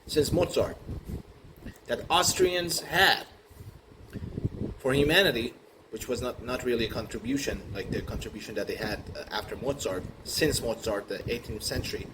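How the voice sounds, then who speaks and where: Guy rambling through an improvised comedy bit, lots of ums and restarts, mid-pitched, noisy background. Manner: rambling, halting, full of fillers and restarts. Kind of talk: improvised comic monologue. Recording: noisy recording with room ambience.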